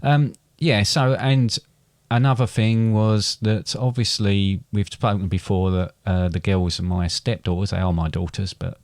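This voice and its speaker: A man's voice: on the low side, fairly even intonation, a little slow, hardly any pauses, darkish tone, no echo, clean studio sound. A middle-aged man, a father and podcast co-host, chatting casually and rambling with many restarts and fillers. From England. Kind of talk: casual chat.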